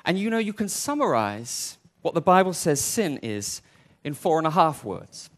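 A man preaching a sermon in an animated way, acting out the voices he quotes. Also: on the high side, moderate pace.

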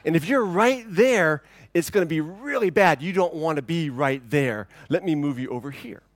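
A man voicing an earnest young church usher in a joke within his sermon, hushed and confiding. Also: on the high side, lively intonation, normal speed, dry recording, lightly acted.

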